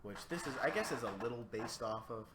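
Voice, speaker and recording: A man's voice: mid-range voice, lively intonation, fairly quick. A man streaming from his apartment, thinking aloud in a casual livestream chat while sleepy and yawning. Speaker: streamer composing music. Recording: echoey room, faint background noise.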